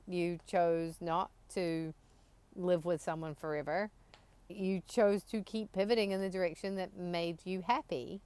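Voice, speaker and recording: A woman's voice: lowish voice, darkish tone, smooth. A woman co-hosting a podcast, talking in a thoughtful, musing way in casual chat. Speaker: podcast co-host.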